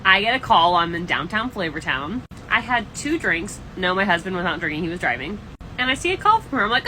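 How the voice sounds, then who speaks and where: A young adult woman telling a casual storytime vlog about her tenant, animated and exasperated. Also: on the low side, moderate pace, a little hiss or hum, low-quality recording. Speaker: landlord vlogger.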